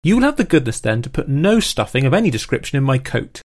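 A man voicing a haughty young dandy who gives crisp, precise orders in a read-aloud period scene. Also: medium pitch, sing-song, quick pace.

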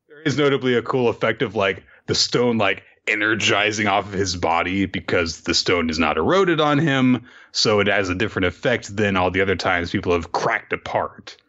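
A man casually recapping a story chapter, animated, quoting the characters in goofy voices. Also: on the high side, normal speed. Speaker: podcast co-host. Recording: dull lo-fi audio.

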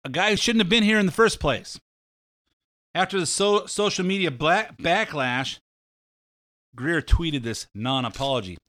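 A man's voice: a little high, expressive, measured pace, pauses often, a bit bright, dry recording, clean studio sound. A male talk radio host giving rambling, opinionated commentary with frequent fillers.

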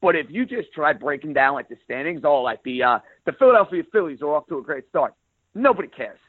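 A man with a strong New York accent and a rough, everyday voice talks sports radio in an emphatic, plain-spoken way. He comes through a thin, tinny phone line. The sound is close and dry, with no room behind it. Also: a little high, expressive, a little fast, no echo. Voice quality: rough around the edges voice. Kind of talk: interview guest, casual talk.

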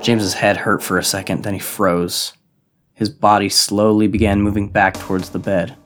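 A man narrating an audiobook in a measured, even reading. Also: on the low side, faint music behind.

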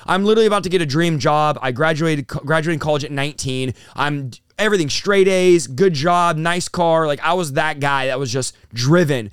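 A young man recounts his story as a pastor in an interview, pouring intensity into every line and acting out the words spoken to him. His voice sits fairly high and sounds smooth and resonant. The sound is dry and close-miked. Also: brisk, few pauses, a bit bright, no room sound. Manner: intense, storytelling with acted-out quotes. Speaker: pastor and guest. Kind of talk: emotional testimony in an interview.

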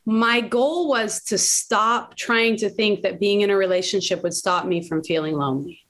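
A woman in her late thirties telling a personal story in candid conversation, animated and laughing often. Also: medium pitch, moderate pace. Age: late 30s. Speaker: podcast guest.

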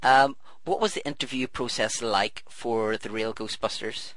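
A man's voice: medium pitch, steady tone, measured pace, a bit bright, no echo. A man hosting an interview show, eager and a bit stammering, with plenty of fillers. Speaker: podcast host.

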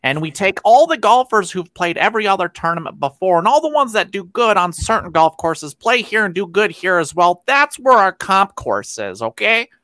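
A man's voice: high-pitched, big pitch swings, moderate pace, hardly any pauses, sharp tone, dry recording, voice pushed up, exaggerated voice. A man putting on a nerdy, know-it-all male podcaster voice, explaining things condescendingly. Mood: smug. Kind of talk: comic impression in podcast chat.

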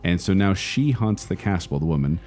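Animated, joking man with a lively voice. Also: deep voice, brisk, faint music behind. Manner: animated, jokey. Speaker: podcast co-host. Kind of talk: casual chat.

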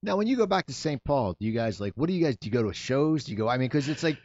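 A man's voice: medium pitch, very animated, rapid-fire, darkish tone, no echo, muffled recording. A man from the eastern United States interviewing a guest, asking loose questions with fillers. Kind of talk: casual interview chat.

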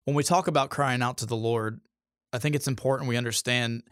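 A man shares his personal testimony as an interview guest, speaking reflectively and sincerely. His voice sits at an ordinary pitch. It is recorded close and dry, with no room sound. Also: fairly even intonation, brisk, no echo. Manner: reflective and sincere, with small restarts.

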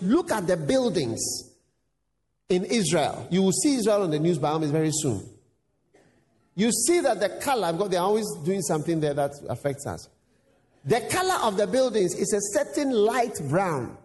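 A male pastor preaching a sermon, acting out dialogues with lively voices. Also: high voice, moderate pace, long reverb tail. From Ghana. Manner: animated, acts out dialogues in voices.

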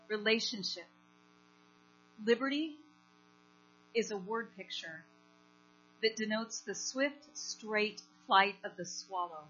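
A woman's voice: medium pitch, sharp tone. A woman preaching a sermon, telling a story and putting questions to the congregation. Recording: lo-fi recording with mains hum.

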